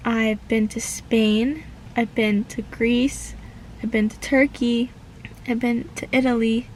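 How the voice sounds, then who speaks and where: A woman's voice: on the high side, level tone, darkish tone, a little hiss or hum, poor audio. A young woman from the United States talking earnestly and heartfelt in a reflective personal vlog. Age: young adult. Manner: earnest and heartfelt, slow with pauses. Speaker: vlogger.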